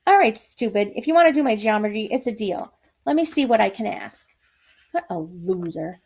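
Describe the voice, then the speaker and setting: A woman's voice: mid-range voice, expressive, normal speed, a little mellow, breathy edge. A woman voicing a popular, scornful teen girl who taunts a classmate. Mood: taunting. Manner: sneering, taunting.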